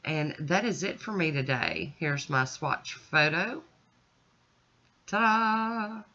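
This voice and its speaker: A woman narrates her nail art video in a chatty voice-over, talking through every step as she goes. Her voice is bright and forceful, and the recording sounds dull and lo-fi. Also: low-pitched, animated, a little slow. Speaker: nail art channel host. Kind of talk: casual voice-over nail tutorial.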